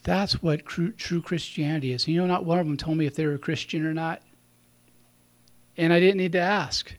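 A man's voice: on the high side, steady tone, normal speed. A man giving a conversational sermon, telling stories and laughing at his own slips. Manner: conversational, warm storytelling, chuckles at himself. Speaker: preacher.

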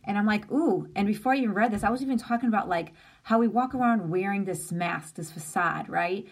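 Brief: woman in her forties, mid-pitched voice, sincere conversational live-stream host. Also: fast. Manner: earnest, open and conversational, with emphatic lists. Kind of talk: casual heartfelt live-stream talk.

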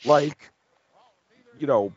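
A man chatting casually on a podcast, wry and quick to laugh. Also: fairly high pitch, breathy edge, no echo, highs cut off. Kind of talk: casual chat about wrestling.

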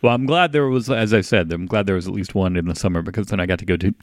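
A man's voice: deep voice, rapid-fire, dry recording. A man co-hosting a podcast, chatting in an easygoing way. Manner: easygoing, lots of short backchannels. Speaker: podcast co-host. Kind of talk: casual podcast chat.

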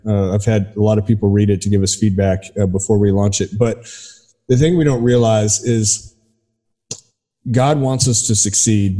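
A man hosting a podcast in a casual faith conversation, speaking in an agreeable, measured way. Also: on the low side, mellow. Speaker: podcast host.

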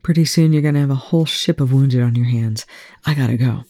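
A reader voicing a weary, wounded male military commander who rasps and growls his terse lines, in a fan fiction audiobook. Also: medium pitch, quick pace, dark tone, dry recording, clean studio sound, lightly acted. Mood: strained. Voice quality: rasping, growling.

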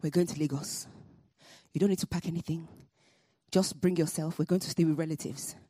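A woman's voice: sits low, steady tone, brisk, dark tone, breathy edge, dry recording, studio quality, voice pushed down. A woman voicing her own mother, who speaks firmly and plainly in a told story. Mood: calm. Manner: firm, matter-of-fact. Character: mother, calm and firm.

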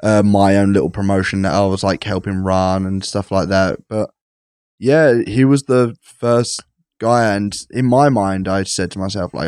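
A young British man in casual conversation, telling stories and acting out what people said in a higher voice. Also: normal speed, clear, resonant tone, no echo, clean studio sound. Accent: British English. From England. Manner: animated storyteller, acts out quotes in a higher voice. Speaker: guest, pro wrestler. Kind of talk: casual podcast chat.

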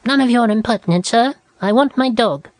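A woman voicing a fat, pompous, wealthy lady in a storybook reading, with a shrill, indignant way of talking. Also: brisk, no echo, close to an everyday voice. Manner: indignant, fussing over her dog.

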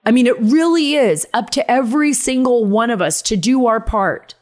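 A woman's voice: fairly high pitch, moderate pace, darkish tone. A woman hosting a podcast, delivering an emphatic, indignant political monologue and repeating phrases for punch. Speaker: podcast host.

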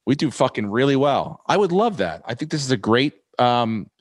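A man hosting a podcast, ranting in a profane, rambling, animated way. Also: medium pitch, normal speed. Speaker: podcast host. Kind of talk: casual podcast chat.

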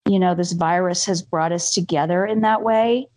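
A middle-aged woman co-hosting a casual chat, telling an animated story and acting out the quotes. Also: on the low side, dry recording, poor audio. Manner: animated, acts out quotes, quick asides.

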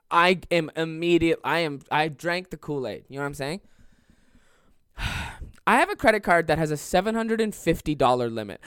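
Young male podcaster, raised voice, smooth and clear, rambling profane anecdote. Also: on the high side, a bit bright, no echo, clean studio sound. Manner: rambling, profane, laughs through the story. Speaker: podcast host. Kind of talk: comedic storytelling.

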